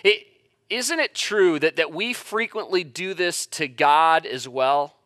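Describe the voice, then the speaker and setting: A man's voice: a little high, slow, pushed and bright, dry recording, clean studio sound. A man in his thirties preaching a sermon full of family stories, talking in a conversational way with many stammered restarts and rising to emphatic peaks. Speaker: pastor.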